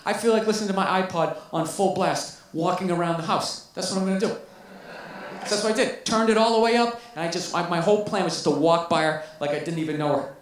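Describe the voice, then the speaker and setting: A man's voice: sits high, quick pace. Man doing stand-up, exasperated and profane, roomy sound, distant from the mic. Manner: profane, exasperated storytelling with mock-quoted voices. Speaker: stand-up comedian. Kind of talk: stand-up routine. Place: stand-up special played back in a room. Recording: roomy, distant, noisy playback.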